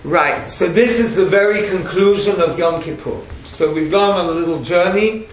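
A man's voice: high voice, normal speed. A man teaching a group, explaining patiently with chatty asides. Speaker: religious teacher. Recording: echoey room, distant mic, dull sound.

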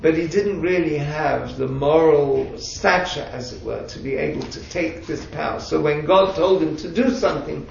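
A man with a slightly high, gravelly voice walks a group through a subject, patient and explanatory, with chatty asides. He sounds distant from the mic in an echoey room. The sound is dull. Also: moderate pace, few pauses, a little hiss or hum. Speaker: religious teacher.

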